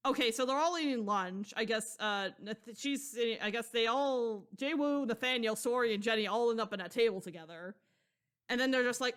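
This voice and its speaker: A woman with a somewhat high voice retells a story in loose podcast chat. She rambles, piles on slang and swears freely, laughing along as she goes. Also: fairly quick, fairly bright tone, smooth. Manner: rambling and slangy, with frequent profanity; laughs often while telling the story. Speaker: podcast co-host. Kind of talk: casual chat recapping a novel.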